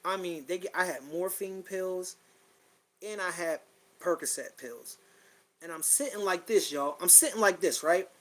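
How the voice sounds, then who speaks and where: A middle-aged man with a fairly high-pitched voice talks bluntly into his podcast mic. He swears freely and circles back on his own phrases as his feeling rises and falls. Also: normal speed, fairly bright tone, rough recording. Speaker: podcast host. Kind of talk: blunt personal monologue.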